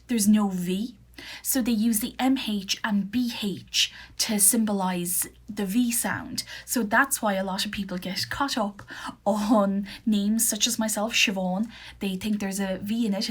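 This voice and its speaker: A woman with an Irish accent teaching beginner Irish phrases, slowly repeating each one for learners at home. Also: medium pitch, husky. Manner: slow careful repetition of phrases. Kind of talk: beginner Irish language lesson. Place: at home for an online video.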